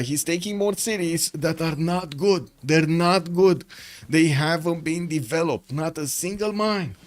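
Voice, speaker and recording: A man giving live-stream commentary on a strategy game, chatty and playful, laughing often and talking to his chat from indoors. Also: on the high side.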